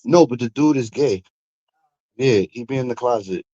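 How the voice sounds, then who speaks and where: A man's voice: mid-range voice, moderate pace, no echo, muffled recording. A man hosting a stream, ranting casually and profanely, with mocking asides. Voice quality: animated, profane, mocking impressions. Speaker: streamer host.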